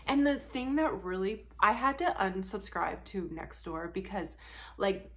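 A young adult woman from the Pacific Northwest, talking to her viewers in a casual, joking rant and laughing often. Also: medium pitch. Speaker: vlogger.

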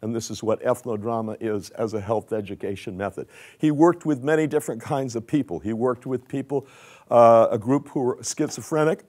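A man's voice: mid-range voice, normal speed, a little mellow. Older man lecturing with slides. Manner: conversational, asks audience questions. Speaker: conference speaker.

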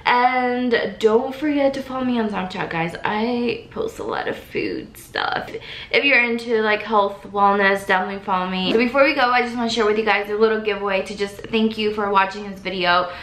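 A woman's voice: mid-range voice, animated, normal speed, fairly bright tone. A young woman chatting casually to her channel's viewers, rambling and sometimes talking while eating. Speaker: YouTuber. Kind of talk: casual vlog chat. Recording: roomy room echo.

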